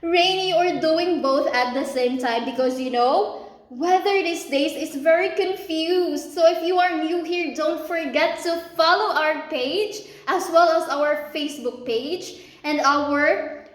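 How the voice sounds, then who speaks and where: A young woman hosting a live-selling stream, bubbly and chatty, giving shout-outs and restarting her sentences. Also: sits high, measured pace. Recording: roomy echo.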